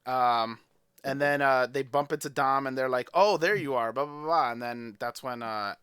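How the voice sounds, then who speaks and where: A man's voice: medium pitch, steady tone, normal speed, sharp tone, smooth, dry recording, studio quality. A man co-hosting a podcast, laid-back and teasing as he chimes in on the wrestling recap. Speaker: podcast co-host. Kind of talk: casual wrestling recap chat.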